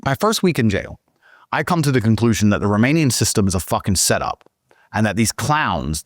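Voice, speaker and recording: Man, casual storytelling, swearing, lively swooping pitch, dry close sound. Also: a little fast, no echo. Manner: profane, indignant, animated. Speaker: guest storyteller.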